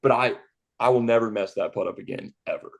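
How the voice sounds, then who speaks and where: A young man with a fairly low voice tells golf stories on a casual podcast. He acts out both sides of the dialogue and laughs often. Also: quick pace, vocal fry. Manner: animated storyteller acting out dialogue, laughing often. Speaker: golf caddy guest.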